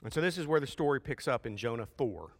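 A man's voice: medium pitch, quick pace. Guy preaching in a church, voice bouncing all over, long hall echo. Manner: lively, rising to loud emphatic peaks, with folksy asides. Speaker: pastor. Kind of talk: sermon.

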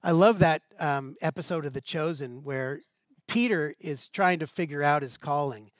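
A man preaching in a relaxed, talky manner, pitched a little higher than most men. He leans on rhetorical questions and light asides to his congregation. The sound is dry, with almost no room around it. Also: normal speed, dry recording. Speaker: pastor. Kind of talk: sermon.

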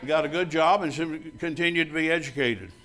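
A man's voice: fairly high pitch, a little fast. An older man preaching a sermon as pastor, bluntly telling stories and acting out both sides of the conversations. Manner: loud and bold when joking with the congregation.

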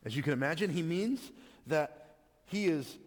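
A man's voice: on the high side, lively intonation, moderate pace. Man preaching conversationally in a reverberant hall. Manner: conversational, with frequent stammered restarts. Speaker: pastor. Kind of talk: sermon.

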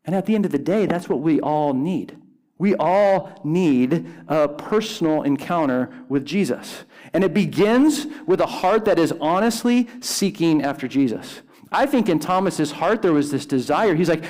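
Casual, animated man preaching a sermon. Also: fairly high pitch, moderate pace. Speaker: pastor. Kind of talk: conversational sermon.

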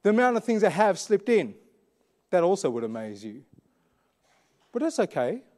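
Male pastor, high mellow voice, chatty questioning sermon delivery. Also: big pitch swings, moderate pace. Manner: conversational, questioning, frequent fillers.

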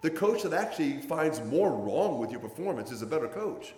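A man's voice: on the high side, very animated, brisk, a little mellow. Folksy older man preaching in echoey hall. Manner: folksy, storytelling, plainspoken with many hedging fillers. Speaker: pastor. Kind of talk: conversational sermon. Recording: roomy sound with long hall reverb.

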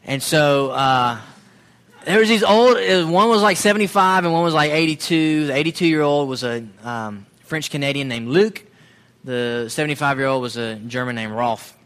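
A man's voice: on the high side, moderate pace, clear, resonant tone. Alabama man telling a faith story. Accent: Southern American (Alabama). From Southern Alabama. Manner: storytelling, animated, drops to quiet reflection. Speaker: speaker giving a testimony. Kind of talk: sermon-style personal testimony.

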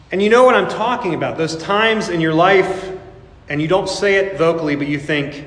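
A male pastor delivers a sermon in a fairly high voice. He acts out what people say with little laughs along the way. The sound rings through an echoey hall with a long tail. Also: normal speed, a bit bright, a little hiss or hum.

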